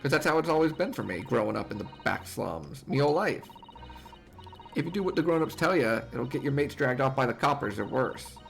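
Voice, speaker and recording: A man's voice: medium pitch, expressive, brisk, gravelly, faint music behind. A man voicing a distrustful young girl thief with a put-on Cockney accent, defiant and slangy. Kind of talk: reading game dialogue aloud.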